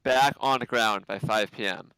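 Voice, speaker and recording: A man on a live launch stream, announcing schedule updates in a clear, matter-of-fact way. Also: lowish voice, normal speed, pushed and bright, dry recording, low-quality recording. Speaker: livestream host giving updates.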